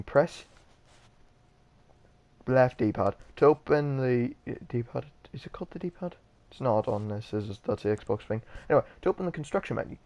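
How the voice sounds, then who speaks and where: A young gaming channel host with a medium-pitched, slightly mellow voice gives casual let's-play commentary. He rambles, fills his speech with fillers, and is self-deprecating about his play.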